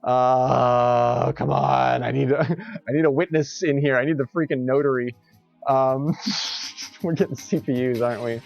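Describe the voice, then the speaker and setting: A man streaming an online golf game live, commenting excitedly, laughing often, swearing and scolding himself over his shots. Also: mid-range voice, gravelly, lo-fi sound, soft background music. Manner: excitable, swearing, quick to laugh and self-critical.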